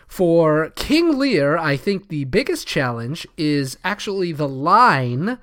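A man's voice: a little high, big pitch swings, moderate pace, a bit bright. A man co-hosting a casual theatre podcast, explaining a Shakespeare scene in a conversational way. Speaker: podcast co-host.

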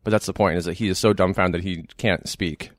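Giggly, low-voiced male co-host. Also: steady tone, brisk, dry recording. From New Hampshire. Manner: giggly, chatty, goofy asides. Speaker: podcast co-host. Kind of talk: casual chat with scene reading.

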